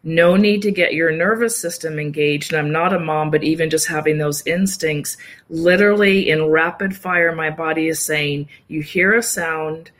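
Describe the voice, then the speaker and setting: A woman guest in an interview, talking calmly and explaining at length, now and then acting out short quoted thoughts. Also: low-pitched, moderate pace. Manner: calm, explanatory, acts out little quoted inner voices. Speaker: yoga nidra practitioner and guest. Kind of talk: casual interview conversation.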